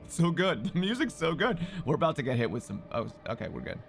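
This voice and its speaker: A young man chatting live to his stream, his voice loud, excitable and full of swearing. His pitch sits a little high and jumps all over the place. Faint music plays behind him. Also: quick pace, gravelly. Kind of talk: casual live-stream chat.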